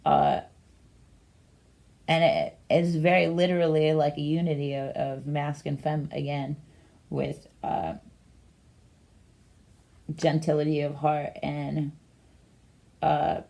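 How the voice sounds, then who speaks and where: A woman giving a casual, meandering rune and tarot reading, talking slowly with many fillers. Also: low-pitched, level tone, creaky, mellow.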